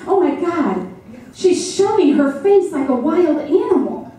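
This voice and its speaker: A woman's voice: high voice, very animated, unhurried, mellow. Brash woman doing comic monologue, echoey and distant. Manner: brash, profane, addresses the audience directly. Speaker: mother performing a one-woman comedy show. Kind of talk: theatrical comic monologue to an audience. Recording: echoey room picked up from far off with background noise.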